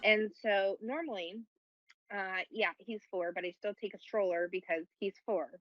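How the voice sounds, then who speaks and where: A young woman co-hosting a podcast, telling a story in a casual, animated, self-mocking way and swearing often. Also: mid-range voice, moderate pace, no echo, highs cut off, soft background music. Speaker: podcast co-host.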